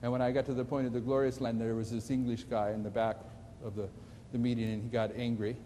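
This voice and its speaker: A man's voice: mid-range voice, little pitch movement, fast, dark tone, slight background noise. A man preaching in a large, reverberant hall. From United States. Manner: emphatic, asks the audience questions. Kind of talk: sermon lecture. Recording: distant echoey hall recording.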